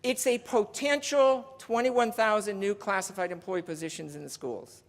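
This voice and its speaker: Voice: mid-range voice, normal speed. A union legislative presenter giving a chatty conference speech, reading out donor names and counting down. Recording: long reverb of a large hall.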